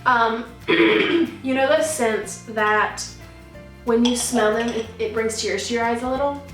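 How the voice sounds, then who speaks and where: This casual vlog chat comes from a young woman whose voice is a little high and a bit bright, and she takes her time. She gushes, rambles, and keeps correcting herself, recorded at a distance in an echoey room with faint music.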